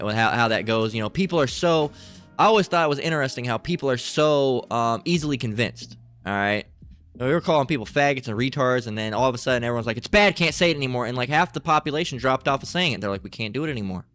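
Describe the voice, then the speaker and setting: A man's voice: medium pitch, fairly bright tone, smooth. Crude, profane ranting man. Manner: crude, profane, rambling, frequent fillers and "right?". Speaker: channel host. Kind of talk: ranting commentary, reading aloud.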